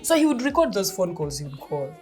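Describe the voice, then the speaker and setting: A woman in her thirties with a Ugandan accent, telling a personal story in a casual, animated way, often laughing and acting out dialogue. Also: fairly low pitch, a little fast, breathy edge, faint music behind. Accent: Ugandan English.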